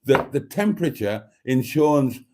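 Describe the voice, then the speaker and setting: A man's voice: medium pitch, animated, unhurried, mellow, rough recording. A man hosting a live stream, chatting and telling rambling stories with laughs and teasing asides. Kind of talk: casual chat and storytelling.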